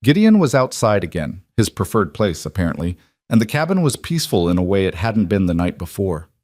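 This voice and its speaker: Male narrator, scripted story, low, measured, dry. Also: big pitch swings, a little mellow, no room sound.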